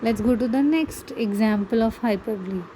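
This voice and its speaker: A woman's voice: a little high, moderate pace, noisy background. Woman teacher asking questions. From India. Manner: explains patiently, asks rhetorical questions. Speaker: English teacher. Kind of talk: classroom grammar lesson.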